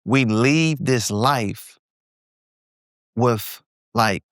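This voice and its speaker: A man's voice: medium pitch, extremely slow, no room sound, studio quality. A man in his forties speaking as a guest entrepreneur, telling a candid story in a podcast conversation and acting out the voices he quotes. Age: 40s. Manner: animated, acts out quoted voices.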